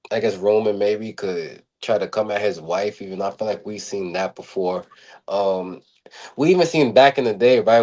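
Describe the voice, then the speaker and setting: Male podcast co-host, lower voice, rambling casual talk. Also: warm tone. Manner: rambling, filler-heavy, repeats words. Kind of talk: casual chat.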